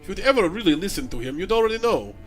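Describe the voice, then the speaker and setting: A man's voice: high-pitched, sing-song, very fast, faint music behind. A man putting on a sneering villainess with a Russian accent. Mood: sneering menace. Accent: vaguely Russian, put on. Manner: sneering, theatrical threats. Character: cold scheming female villain, noble cousin.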